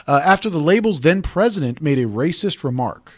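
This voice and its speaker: A man's voice: a little high, expressive, fairly quick, no room sound. A man hosting a talk radio show, chatting casually and rambling into digressions.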